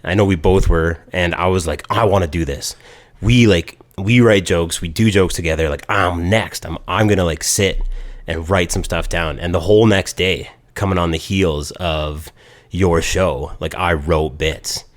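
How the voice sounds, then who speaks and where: A man co-hosting a podcast tells a story in casual conversation, animated and quoting people in different voices. He speaks in a low voice at normal speed.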